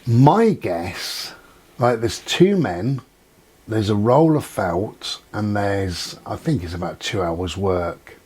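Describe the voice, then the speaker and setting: Husky man telling chatty stories. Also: on the low side, expressive, slow, darkish tone. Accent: not local to Dorset. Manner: chatty storyteller, acts out quoted exchanges. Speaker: vlogger. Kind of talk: casual monologue.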